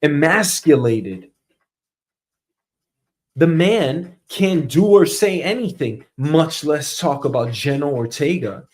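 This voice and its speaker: A man in his thirties hosting a comedic news monologue, ranting sarcastically and swinging between loud outbursts and mutters. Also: a little high, unhurried, hardly any pauses. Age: 30s. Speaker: host.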